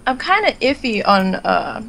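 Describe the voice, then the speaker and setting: A woman's voice: on the high side, moderate pace, vocal fry, slight background noise. A woman, a guest on a chat podcast, telling stories with laughter and acting out what she thought. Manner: lively, laughing, acts out her own thoughts. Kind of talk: casual storytelling chat.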